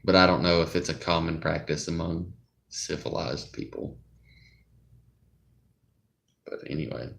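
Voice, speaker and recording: Young man, very deep voice, slow drawl, casual rambling chat, hesitant. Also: creaky, fairly bright tone. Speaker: streamer host.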